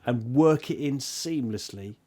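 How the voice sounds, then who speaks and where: A man running a tabletop role-playing game as game master, narrating scenes in a rambling, animated, self-mocking way. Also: mid-range voice, a little slow.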